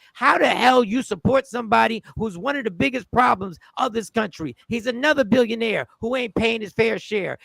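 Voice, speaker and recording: A man's voice: very high voice, gravelly, a bit bright, no room sound. A man hosting a live talk show, ranting in a fired-up, preachy way. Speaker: show host.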